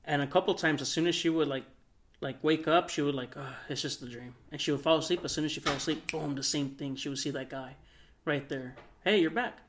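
A young man, a podcast co-host, telling a long story in a relaxed, rambling way, full of fillers. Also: fairly high pitch, quick pace. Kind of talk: casual storytelling.

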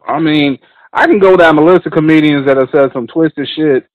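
A man's voice: fairly high pitch, moderate pace, no echo, phone-quality sound. A man hosting a casual chat, laid-back and agreeable.

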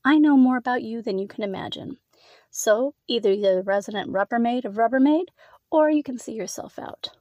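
A woman's voice: fairly high pitch, a little fast, warm tone, dry recording, muffled recording, lightly acted. Woman reading an icy female boss. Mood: taunting. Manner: icy, clipped, taunting. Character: cold commanding female executive.

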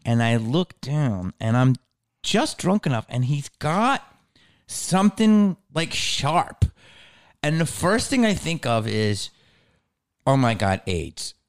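A man in casual chat, telling a story in a lively way, swearing freely and often calling his listener "dude". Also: fairly high pitch, takes it slowly.

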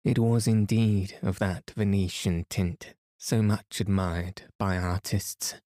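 A man narrating a bedtime story for a sleep podcast in a slow, soothing, even manner, close to the mic. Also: low-pitched, dry recording.

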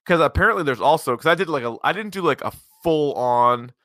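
A man's voice: a little high, animated, a little fast, fairly bright tone, dry recording, clean studio sound. A man co-hosting a podcast, chatting loosely with a profane, rambling manner. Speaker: podcast co-host. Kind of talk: casual chat.

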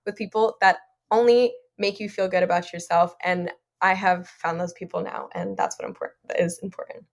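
A woman's voice: fairly low pitch, steady tone, normal speed. A young adult woman, a podcast guest, talking in an earnest, rambling way with frequent "like" and "you know". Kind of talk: casual interview chat.

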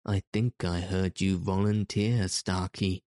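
A man reading aloud gives voice to a cruel pirate captain who threatens in a soft, purring, courteous tone. The voice is deep and dark, and it moves slowly in a flat, even line. He reads it in a dry, close room. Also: dry recording. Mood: silky menace. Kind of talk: audiobook reading.

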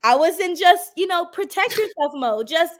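A woman on a casual podcast interview, telling her story with animated, emphatic delivery and acting out quoted conversations. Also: extremely high pitch, moderate pace. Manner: emphatic, swings up sharply when excited. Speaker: reality show contestant guest.

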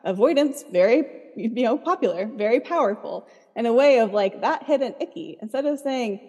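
A woman's voice: on the high side, animated, moderate pace, darkish tone, breathy edge, long reverb tail. A woman therapist talking casually in an interview, chatty and full of "like.". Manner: chatty, fills speech with "like". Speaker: licensed therapist, guest.

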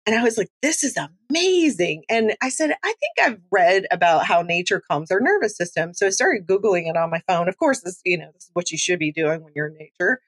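A middle-aged woman, a grief educator and coach, talking in an animated, chatty way with self-deprecating humor as an interview guest. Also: fairly low pitch, dry recording. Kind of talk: conversational interview talk.

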